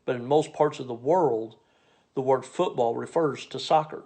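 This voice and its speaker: A man's voice: medium pitch, moderate pace, warm tone, slightly rough. A man doing a smug young comic. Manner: condescending, smug. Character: snooty, touchy young male comedian.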